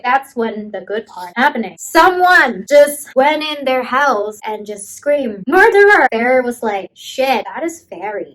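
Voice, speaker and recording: Young female book vlogger, slightly high voice, casual and joking, loose rambling delivery. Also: a bit bright, low-quality recording. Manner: rambling, jokey, unsure of details. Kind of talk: casual chatty book recap.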